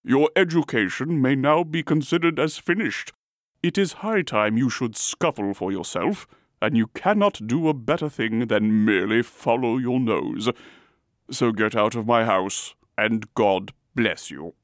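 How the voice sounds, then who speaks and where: A man voicing a fussy, fatherly old gentleman in an audiobook reading, his voice raised and thin. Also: mid-range voice, expressive, a little slow, no room sound, clean studio sound, close to an everyday voice. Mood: blustering.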